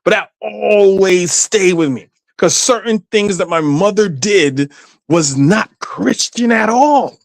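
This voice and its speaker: Man, panel talk, storytelling, somewhat high pitch, dry sound. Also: takes it slowly, gravelly, dry recording. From Guyana. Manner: storytelling, many restarts. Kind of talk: casual discussion.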